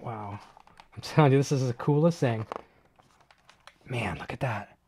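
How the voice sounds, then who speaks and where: A man hosting a live online show, chatting casually and excitedly while unboxing, with many fillers and restarts. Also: medium pitch, unhurried, slightly rough. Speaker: host of a live gear show.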